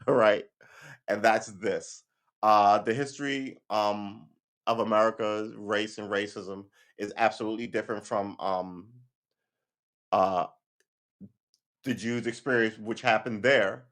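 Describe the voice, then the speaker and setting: Guy ranting on his stream, lively, acts out other ppl's lines, trips over words a lot. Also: on the low side, takes it slowly. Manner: animated, acts out voices of others; restarts and stumbles on words. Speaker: livestream host. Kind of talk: casual opinion monologue.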